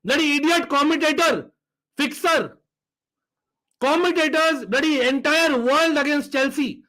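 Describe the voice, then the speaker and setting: A man's voice: very high voice, unhurried, bright, forceful tone, poor audio. A man with an Indian accent reacting to a live football match, ranting and switching between English and Hindi. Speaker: fan reaction host.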